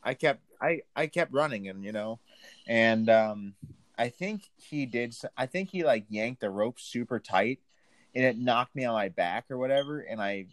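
A man's voice: medium pitch, lively intonation, moderate pace, dry recording. A man telling a rambling story in casual chat, full of fillers and restarts.

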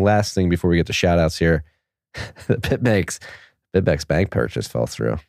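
A male podcast host chatting casually in a very deep voice. He rambles loosely with many fillers. The sound is close and dry. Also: expressive, normal speed, vocal fry, a little mellow, no room sound. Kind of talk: casual chat.

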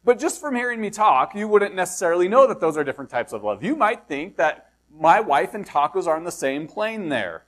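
A middle-aged pastor from the United States delivers a sermon in a high voice. He preaches conversationally, explaining a passage and often asking his listeners rhetorical questions. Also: big pitch swings, fairly quick, few pauses, a bit bright.

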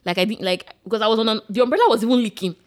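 A woman's voice: fairly high pitch, rapid-fire. A young Nigerian woman with a Nigerian accent co-hosting a podcast, chatting casually with lots of fillers. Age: young adult. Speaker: podcast co-host. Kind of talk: casual chat.

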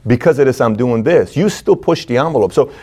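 A man's voice: medium pitch, expressive, brisk, warm tone. A male interview host in a studio, asking conversational, leading questions.

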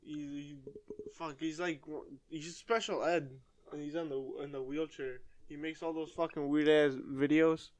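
A young man telling animated stories in a casual chat among friends. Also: a little high, unhurried, dry recording.

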